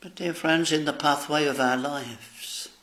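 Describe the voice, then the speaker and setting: A man's voice: a little high, fairly even intonation, pushed and bright. A man preaching a solemn sermon, addressing "dear friends" and quoting old-style scripture. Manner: slow, solemn preaching with archaic scripture phrasing.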